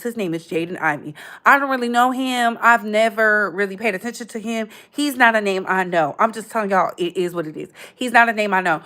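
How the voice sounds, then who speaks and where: A woman in her thirties hosting a casual livestream, chatty and animated, full of slang and calling viewers "baby". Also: mid-range voice. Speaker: livestream host.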